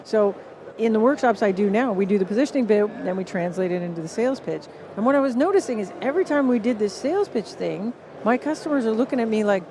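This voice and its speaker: A woman with a Canadian accent, a guest on a live podcast at a conference stage, explaining with lively acted-out quotes. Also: medium pitch, fast talker, a little hiss or hum. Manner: animated, acts out what others say. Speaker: guest author.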